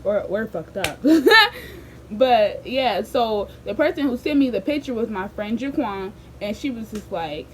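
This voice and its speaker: A young woman casually telling a story for her vlog, slangy and animated, bursting into quoted voices and loud outbursts. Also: medium pitch, measured pace, slight background noise, rough recording.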